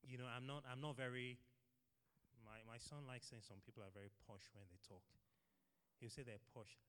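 A middle-aged man delivers a sermon in an easy, conversational way, acting out everyday excuses and often doubling his words as he goes. His voice sits at a middling pitch and carries a long reverb from a church hall. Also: fairly even intonation, normal speed, a bit bright, smooth. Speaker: preacher.

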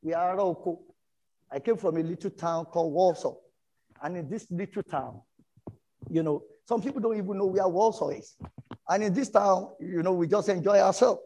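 A middle-aged man from Nigeria with a Nigerian English accent, preaching a sermon and telling stories from his own life, animated and breaking into shouts. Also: high voice, moderate pace, rough recording. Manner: animated storytelling, bursts into shouts. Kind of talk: sermon with personal testimony.

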